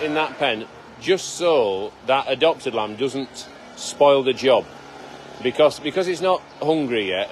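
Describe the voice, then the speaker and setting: A man's voice: mid-range voice, slight background noise. A man, a farmer hosting a live stream, chatting casually and teasing his colleagues. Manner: chatty, teasing, with frequent restarts. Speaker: farmer and livestream host.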